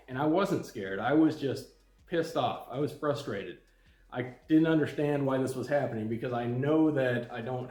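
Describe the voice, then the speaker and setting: Middle-aged man vlogging, calm and plain-spoken, mid pitch, roomy echo. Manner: calm, plain-spoken, many ums and restarts. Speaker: channel host. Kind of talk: casual storytelling to camera.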